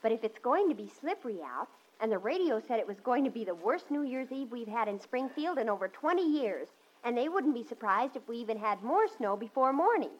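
An actress playing an eager teenage daughter in a 1950s radio comedy, pleading and rushing her words. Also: fairly high pitch, very animated, muffled recording.

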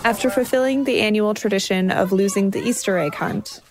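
A woman with a Canadian accent, calmly telling a personal documentary story in scripted narration. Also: medium pitch, a little fast, heavy background noise. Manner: calm, reflective storytelling.

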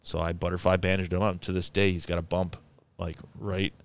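A man with a lowish, smooth, resonant voice tells a story in casual conversation. He rambles and restarts, grows animated as the story builds, and laughs along the way. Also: a little fast. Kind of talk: casual chat, telling a story.

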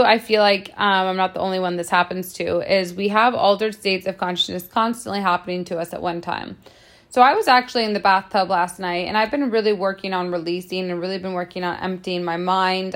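A woman talks through a loose spiritual monologue as a podcast host. She rambles with emphatic repetition and leans on filler words, and her voice sits at an ordinary middle pitch. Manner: rambling and emphatic, heavy on "like" and repeated phrases.

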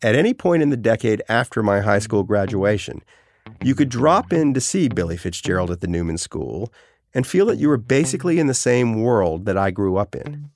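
A man from New Orleans narrating a documentary podcast in a deliberate storytelling manner. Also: on the low side, very animated, a little mellow, no echo, studio quality. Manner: deliberate storytelling, vivid phrasing. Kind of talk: scripted narration.

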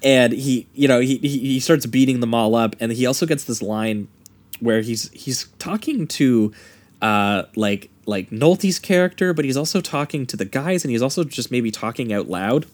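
A man talking through a film on a casual podcast, in a voice of middle pitch. He walks through scenes in careful detail and picks apart how they were shot. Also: expressive, normal speed. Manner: detailed, analytical retelling of scenes.

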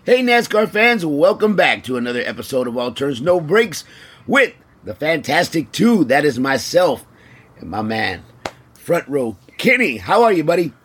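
A man's voice: fairly high pitch, sing-song, moderate pace, a bit bright. A man hosting a motorsport fan podcast with a scratchy throat, chatting casually and often restarting his sentences. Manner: rambling, repeats words. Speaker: podcast host. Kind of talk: casual chat.

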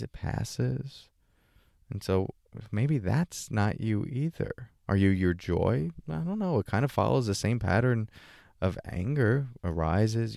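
Gravelly low-voiced man teaching meditation. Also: mellow, dry recording, studio quality. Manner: questioning, acts out listener's doubts in a higher voice. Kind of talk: reflective spiritual talk.

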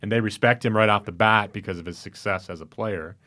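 Deep-voiced man in measured sports talk. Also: fairly even intonation, sharp tone. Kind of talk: casual sports discussion.

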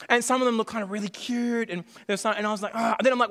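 A middle-aged man preaching a sermon, animated and jokey, often repeating his phrases. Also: very high-pitched, racing, few pauses. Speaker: pastor. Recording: long hall reverb.

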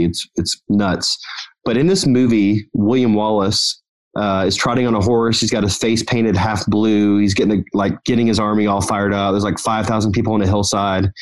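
A man, a podcast guest who runs a company, telling stories and giving earnest motivational advice in an energetic, run-on way. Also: fairly low pitch, rough recording. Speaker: podcast guest, business owner. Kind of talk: motivational storytelling chat.

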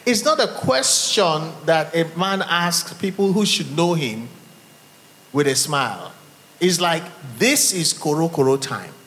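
Nigerian male pastor, middle-aged, lively and fairly high voice, rhetorical sermon delivery, long church reverb. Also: measured pace. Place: church hall.

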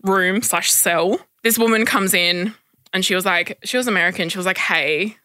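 A young adult woman telling a story on a podcast, animated and laughing often, acting out the people she quotes. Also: medium pitch, normal speed, no echo, clean studio sound. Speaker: guest storyteller.

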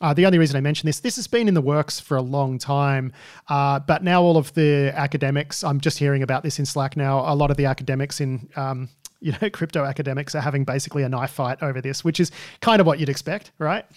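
A man's voice: medium pitch, quick pace, no room sound, studio quality. A man hosting a news podcast, chatting casually and wryly, with many fillers. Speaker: podcast host.

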